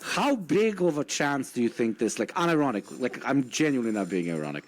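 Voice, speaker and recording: A man's voice: mid-range voice, big pitch swings, a little fast. A man co-hosting a political podcast, joking and cutting in with questions. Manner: joking, interrupts to pose questions. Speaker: podcast co-host.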